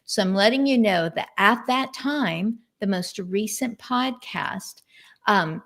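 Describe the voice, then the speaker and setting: A woman's voice: medium pitch, slow, fairly bright tone. A woman hosting an unscripted video-call conversation, chatty and storytelling. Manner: chatty, retells stories by voicing what others said. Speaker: host. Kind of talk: casual chat on a live video stream.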